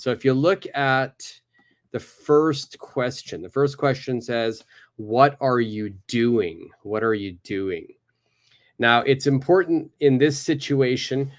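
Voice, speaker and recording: A man with a medium-pitched voice teaches English in a live online class from his computer. Upbeat and encouraging, he drills phrases slowly.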